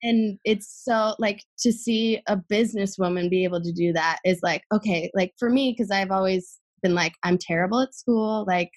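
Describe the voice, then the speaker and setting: A young adult woman chats as a guest on a podcast, her voice sitting in an ordinary middle pitch. She talks in loose, filler-packed runs, gushing and candid. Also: normal speed, few pauses. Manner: chatty, gushing, many fillers. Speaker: guest, athlete. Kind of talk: casual podcast conversation.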